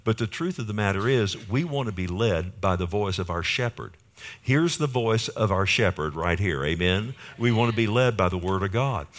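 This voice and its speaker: A pastor preaching a sermon with emphatic repetition, calling out "amen?" to the congregation. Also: male voice, on the low side. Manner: emphatic, repeats key phrases, calls for amen.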